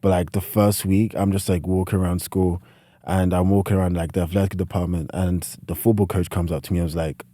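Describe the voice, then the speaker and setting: Low-voiced young British man, rambling. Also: little pitch movement, brisk, dark tone, no room sound, clean studio sound. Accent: British, partly Americanized. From United Kingdom. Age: late teens. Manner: rambling, heavy use of "like" fillers. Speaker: podcast guest, student athlete. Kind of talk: casual interview storytelling.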